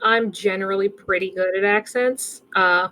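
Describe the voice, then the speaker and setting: A woman's voice: medium pitch, steady tone, normal speed, sharp tone, dry recording. A woman guest player chatting casually at a game break, self-deprecating and swearing freely.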